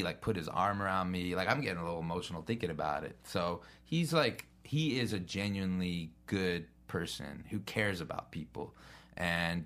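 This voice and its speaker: Bright-voiced man telling animated stories. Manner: animated anecdotes, acts out quotes with big pitch jumps. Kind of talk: casual storytelling.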